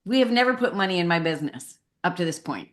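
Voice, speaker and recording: A woman's voice: fairly low pitch, quick pace. A middle-aged woman, a podcast guest, talking candidly and animatedly about her business, acting out the voices in her stories. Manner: candid, animated storyteller who acts out voices in quotes. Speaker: podcast guest, marketing consultant. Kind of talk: casual interview chat.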